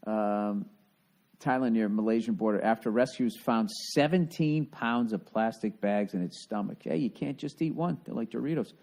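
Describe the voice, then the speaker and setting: A man's voice: fairly low pitch, moderate pace, a little mellow. A man from Boston hosting a solo podcast, ranting in a profane, sarcastic, rambling way. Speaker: podcast host. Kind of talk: casual solo podcast rant.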